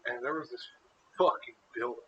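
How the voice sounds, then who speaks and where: A man's voice: medium pitch, fairly quick, sharp tone, highs cut off, a little hiss or hum. A man co-hosting a casual podcast who tells rambling, crude stories and laughs often. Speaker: podcast co-host. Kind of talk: casual storytelling chat.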